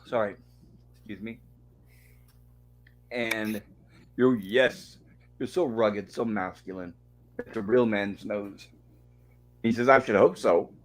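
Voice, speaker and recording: On his laid-back web show, the male host recounts an old sitcom episode in a chatty storytelling style, voicing the characters' lines himself. He speaks slowly, at a fairly low pitch, with long pauses. Poor audio carries slight background noise.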